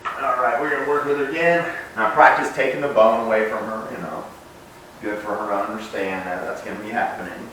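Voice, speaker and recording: A man's voice: lowish voice, brisk, a little hiss or hum. A young adult man, a dog trainer, casually explaining puppy training while working with the dog. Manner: relaxed, explaining while training, bright sharp commands to the puppy. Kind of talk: casual instructional demo. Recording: very echoey room, mic at a distance.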